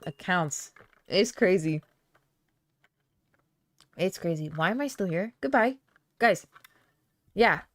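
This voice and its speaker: Chatty woman, smooth and dry. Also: medium pitch, a bit bright, no room sound. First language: Aramaic. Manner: chatty, reads chat comments aloud, laughs often. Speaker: podcast host. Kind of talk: casual live-stream chat.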